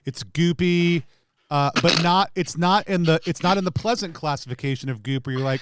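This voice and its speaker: A man's voice: fairly high pitch, moderate pace, smooth, no room sound. A man narrating a tabletop game as game master, rambling with lots of fillers.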